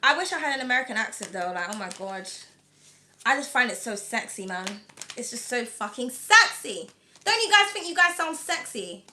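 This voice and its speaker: With a high, sing-song, bright voice and a forceful tone, a British tarot reader speaks a little fast over slight background noise. Her slightly whiny delivery wanders loosely through a live reading, stuffed with "like" and "um" and broken up by frequent laughs.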